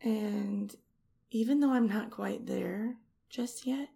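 Slow, gravelly woman teasing seductively. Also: medium pitch, warm tone. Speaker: audio role-play performer. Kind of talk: intimate erotic audio role-play. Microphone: close studio mic.

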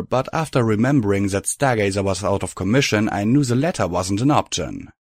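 A man narrating a first-person fan fiction story in a steady audiobook reading. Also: lowish voice, no room sound, clean studio sound.

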